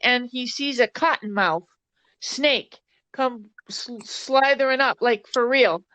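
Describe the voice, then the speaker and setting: A chatty middle-aged woman with a high voice tells a story on a live stream. The audio is dry and a little dull, like a low-fi stream capture. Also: sharp tone, clean tone, no room sound. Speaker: live-stream guest, former take-home chef. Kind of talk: casual group chat and joke telling.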